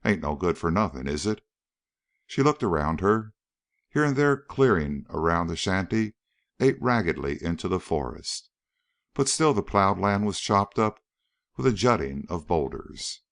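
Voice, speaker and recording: A man narrating an audiobook in a measured storytelling manner. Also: deep voice, very animated, vocal fry, fairly bright tone. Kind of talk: scripted narration.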